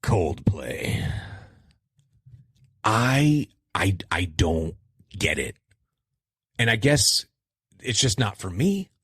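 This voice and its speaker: Animated middle-aged man, husky and dry. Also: extremely slow, pauses often, no room sound. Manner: animated, self-deprecating, jumps in pitch for emphasis. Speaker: podcast host. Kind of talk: casual solo podcast talk.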